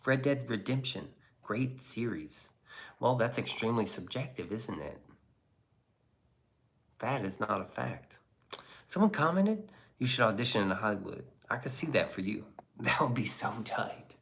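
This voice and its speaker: A man's voice: mid-range voice, sing-song, unhurried, creaky, fairly bright tone. A man casually reading viewer comments on a live stream, sarcastic and crude, slipping into whispers and mock voices.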